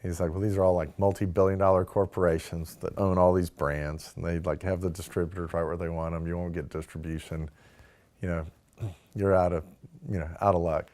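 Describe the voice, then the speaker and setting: In a casual interview, a man recounts founding his distillery, his low, level voice brisk and darkish. He acts out what others said and leans heavily on "like" and "you know."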